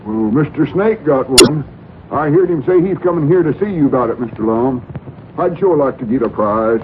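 An actor playing a simple, eager young country man, who talks haltingly and overly politely, in 1940s radio comedy. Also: medium pitch, expressive, slight background noise, lightly acted. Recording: tinny old radio broadcast recording.

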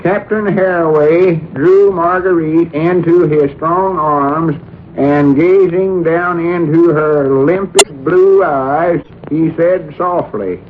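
A man's voice: fairly high pitch, steady tone, noisy background. An actor playing a doddering old grandfather with a drawl, who mumbles in a folksy way, in 1940s radio comedy. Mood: muddled. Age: older. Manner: mumbling, folksy, slow to catch on. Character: doddering old rural grandpa, easily muddled. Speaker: grandfather character. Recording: tinny old radio broadcast recording.

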